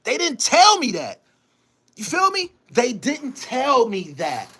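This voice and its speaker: A man's voice: extremely high pitch, wildly swooping pitch, slow, fairly bright tone, slightly rough. A man hosting his own show, delivering a heated, boastful, profane monologue and repeating himself for emphasis. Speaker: show host. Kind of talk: angry monologue to camera.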